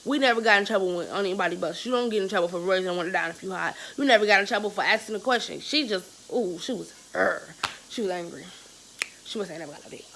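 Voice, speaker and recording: A young woman vlogger telling a story in a casual, animated, slangy and profane way. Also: medium pitch, quick pace, creaky, a little hiss or hum, low-quality recording.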